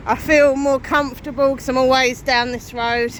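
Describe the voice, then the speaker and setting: With a high, fairly level voice that's a bit bright, a vlogger in her thirties talks at a measured pace while walking outdoors on a residential street. She's out of breath and anxious, chatty and self-deprecating, sighing often, with a little hiss or hum in the background.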